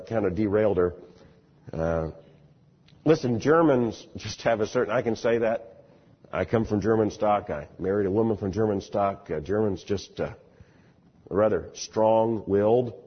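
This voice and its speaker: A man's voice: on the low side, breathy edge. A man preaching an expository sermon in a conversational, storytelling way, often repeating words as he starts a phrase. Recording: dull recording in a large reverberant hall.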